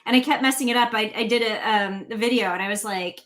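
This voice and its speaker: A woman co-hosting a pickup truck livestream who explains things casually and relies on fillers. Her voice sits a bit higher than most women's. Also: quick pace, fairly bright tone. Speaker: co-host of a truck show.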